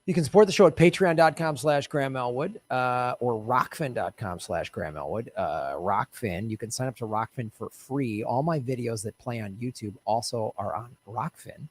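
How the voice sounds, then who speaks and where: A man's voice: medium pitch, moderate pace, hardly any pauses, slightly rough. A man hosting a solo political commentary livestream, ranting in an exasperated way, swearing freely and chatting asides to his viewers.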